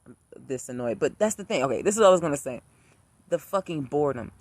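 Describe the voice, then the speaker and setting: A man's voice: fairly high pitch, expressive, dry recording. A man talking in a blunt, profane casual rant about spirits, repeating himself for emphasis. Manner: blunt, profane, rapid-fire repetition. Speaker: spiritual practitioner ranting to camera.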